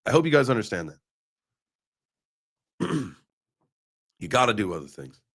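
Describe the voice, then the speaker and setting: A crypto livestream host chats casually about the market in a very animated, mid-range voice that is a bit bright with a breathy edge, keeping a measured pace. He rambles over charts with many fillers, cracks sarcastic jokes, and names viewers from the chat.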